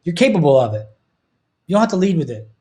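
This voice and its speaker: A man's voice: a little high, sing-song, quick pace, dark tone. Earnest, heartfelt man on a podcast. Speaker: podcast host. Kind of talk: casual podcast chat.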